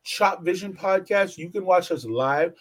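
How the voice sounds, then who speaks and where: A man hosting a podcast, telling a story in casual chat, profane and animated, acting out what others said. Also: measured pace, poor audio. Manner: animated, profane, acts out quotes with big pitch swings. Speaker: podcast host.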